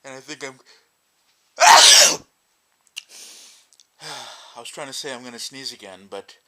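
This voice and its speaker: Guy with a runny itchy nose just narrating his sneezes, super bright sharp voice, mid pitch. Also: fast talker. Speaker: vlogger. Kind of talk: casual vlog talk to camera.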